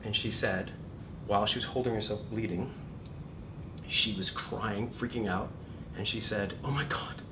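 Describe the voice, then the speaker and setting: A middle-aged acting teacher lectures his class in an animated, joking way, acting out the inner voices he describes. He sounds far from the mic in a roomy space. There's steady background noise behind him. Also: lowish voice, measured pace, long pauses. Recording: echoey room, far from the mic, noisy.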